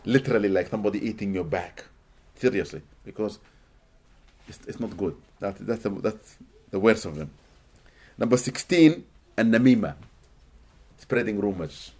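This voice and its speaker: A man from Sudan, giving an animated, expressive religious lecture to a live audience in a hall and often laughing. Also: lowish voice, moderate pace, long pauses. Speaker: Islamic teacher.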